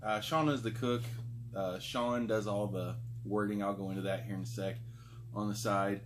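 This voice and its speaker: Host, male, somewhat low voice, loose rambling vlog chat. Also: steady tone, moderate pace, slight background noise. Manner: chatty and rambling, frequent fillers. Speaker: food review show host. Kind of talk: casual vlog talk.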